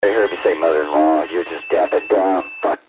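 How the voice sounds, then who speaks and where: A man's voice: sits low, steady tone, brisk, background noise. A man in a heated on-air argument, hurling profane insults at the other speaker. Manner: insulting, profane, slurs his opponents. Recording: narrow phone-like radio transmission.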